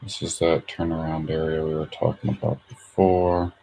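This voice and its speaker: A man's voice: rumbling low, level tone, moderate pace, warm tone, a little hiss or hum, low-quality recording. A man streaming his trading session, thinking aloud in a casual, hesitant way with lots of fillers. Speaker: day trader streaming his charts.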